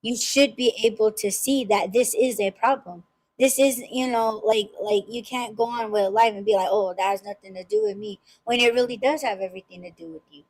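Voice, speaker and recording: A woman's voice: fairly high pitch, brisk, poor audio. A woman hosting a casual podcast chat, talking emphatically with frequent restarts and swearing. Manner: emphatic, swearing freely, many repeated restarts. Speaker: podcast host.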